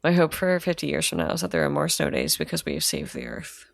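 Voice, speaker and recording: Very gravelly low-voiced woman chatting. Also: wildly swooping pitch, fast talker, no room sound, studio quality. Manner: earnest and chatty, with frequent "like". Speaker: podcast co-host. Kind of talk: casual conversation.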